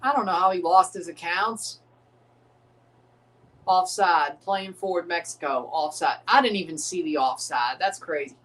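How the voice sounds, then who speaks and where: Man hyping a football watchalong. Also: a little slow. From United States. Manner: swings between excited hyped calls and low mumbled asides. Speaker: livestream watchalong host. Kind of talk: live football reaction commentary.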